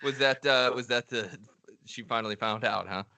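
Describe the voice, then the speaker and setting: A man co-hosting a podcast, laid-back and profane, quick to laugh at his friend's stories. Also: mid-range voice, vocal fry, bright, forceful tone. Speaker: podcast co-host. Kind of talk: casual chat.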